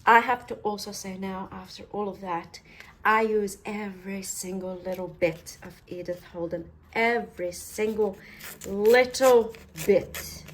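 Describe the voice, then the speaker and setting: A woman's voice: mid-range voice, fairly even intonation, moderate pace, fairly bright tone, slight background noise. An Australian woman vlogging as she works on a handmade journal, rambling and poking fun at herself. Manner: rambling and self-deprecating, talks while working. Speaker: craft vlogger. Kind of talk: chatty crafting tutorial.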